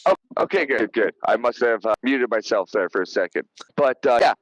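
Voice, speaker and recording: A man's voice: mid-range voice, fairly quick, no room sound, poor audio. A man hosting a podcast, retelling film scenes in a rambling, profane, casual way over a remote call. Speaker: podcast host. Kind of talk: casual movie review chat.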